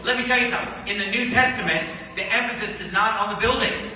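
A man's voice: sits high, fast, pushed and bright, very echoey, in a large hall, recorded from a distance, poor audio. A man preaching a fiery sermon as a pastor, firing off repetitive rhetorical questions with sarcastic asides. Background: congregation calling out amens.

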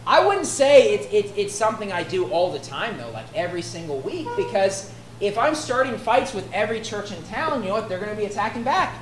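A woman with a medium-pitched voice, wide swings in pitch and a slightly quick pace gives an expository sermon. She reads scripture and explains it conversationally, often asking "right?", in an echoey room with faint ambience.

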